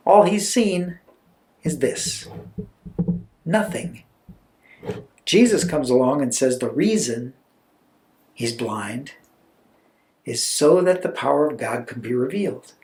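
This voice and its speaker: Animated storytelling preacher, roomy echo. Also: male voice, fairly high pitch, slow pace, long pauses. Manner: animated and conversational, with asides. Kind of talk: storytelling sermon.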